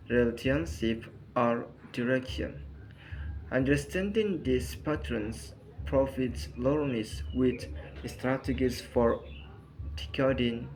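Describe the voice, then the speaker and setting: A man reading out a lesson on word formation in short, halting phrases. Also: mid-range voice, rough recording. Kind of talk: reading a lesson on compound words. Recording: faint background noise.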